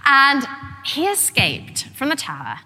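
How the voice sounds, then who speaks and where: A middle-aged woman giving a lively, conversational history talk with frequent restarts. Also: high voice, takes it slowly. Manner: animated, conversational, many fillers and restarts. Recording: long hall reverb.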